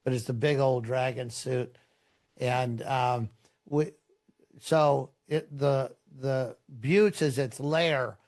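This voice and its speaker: A middle-aged man, a pastor, telling stories in a relaxed, rambling way, with many fillers and restarts. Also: medium pitch, slow pace. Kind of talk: conversational storytelling in a podcast interview.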